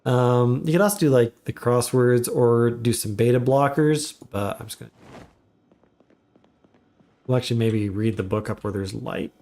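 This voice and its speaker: A man giving relaxed, chatty commentary while live streaming a game. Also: medium pitch, normal speed. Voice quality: relaxed, chatty, laughs often.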